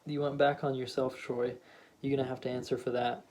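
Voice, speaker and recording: A man's voice: medium pitch, little pitch movement, brisk, darkish tone, slight background noise, lightly acted, low-quality recording. A man voicing a steadfast middle-aged wife who speaks in a plain, pressing, accusing way.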